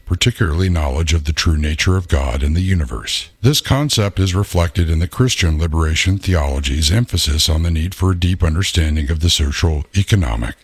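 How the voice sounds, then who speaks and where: A man's synthetic voice reading a scripted essay in a steady, measured way. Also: low-pitched, breathy edge, dry recording. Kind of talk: scripted narration.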